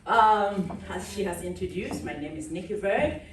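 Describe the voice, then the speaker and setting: A woman from Cameroon giving a lively conference keynote, laughing often and chatting with the audience on stage. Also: medium pitch, normal speed, background noise. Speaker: keynote speaker. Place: large conference hall. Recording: echoey hall, speaker far from the mic.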